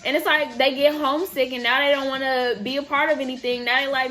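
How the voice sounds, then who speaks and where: A woman's voice: high-pitched, fast talker, faint music behind. A young woman in her twenties from the Bay Area, chatting casually and animatedly while answering viewer questions in a vlog. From San Francisco Bay Area. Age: 20s. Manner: chatty, animated, laughs and trails off. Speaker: vlogger.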